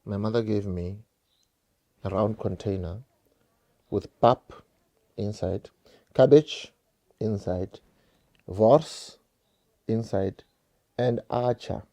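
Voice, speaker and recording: A man's voice: lowish voice, slow, pauses often, mellow. A South African man telling a painful personal story straight to his viewers, repeating phrases and calling them guys. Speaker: vlogger.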